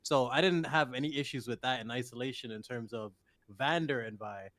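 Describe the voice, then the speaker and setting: A man's voice: mid-range voice, fairly quick, a bit bright, no room sound. A man discussing a TV show on a podcast, stammering through restarts and swearing. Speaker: podcast guest. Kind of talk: casual show breakdown chat.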